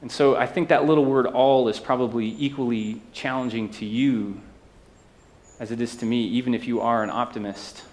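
A man's voice: medium pitch, fairly even intonation, normal speed, darkish tone. A man preaching a sermon to his church, talking conversationally and often checking in with the listeners. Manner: conversational preaching with asides and tag questions. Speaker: pastor.

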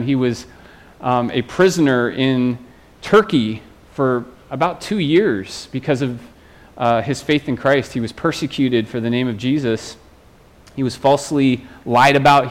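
A man, a pastor, preaching a sermon in an earnest way, often restarting and repeating phrases. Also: medium pitch.

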